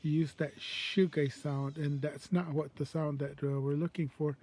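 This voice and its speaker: A man from the Sonoran Desert in southern Arizona, teaching culture and language in an informal spoken way. He pauses often and circles back, restarting his sentences as he goes. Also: fairly high pitch, level tone, darkish tone. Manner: halting, circling speech with many pauses and restarts.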